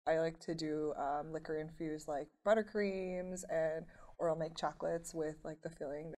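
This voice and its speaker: A woman from Wisconsin, a band member, telling stories in a rambling, animated way full of fillers during a casual radio interview. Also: low voice, normal speed.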